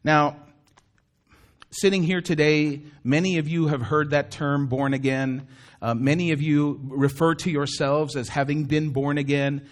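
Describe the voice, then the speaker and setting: A male pastor delivers a sermon in a relaxed, conversational way, often turning to the congregation with small asides. His speaking voice sits fairly high for a man. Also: unhurried.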